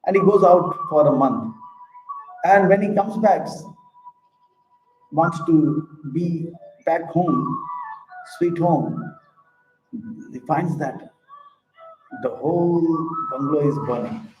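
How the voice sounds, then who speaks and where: A man's voice: a little high, slow pace, long pauses, muffled recording, music in the background. A man teaching scripture as a spiritual teacher, acting out small stories. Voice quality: animated storyteller who acts out characters. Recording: echoey room with faint ambience.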